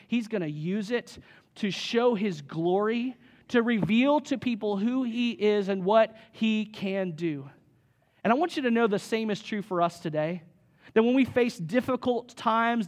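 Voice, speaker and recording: A man with a high voice preaches to a church congregation. He keeps it casual and plain-spoken, with rhetorical questions and an easy bit of humor. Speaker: pastor. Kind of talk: sermon.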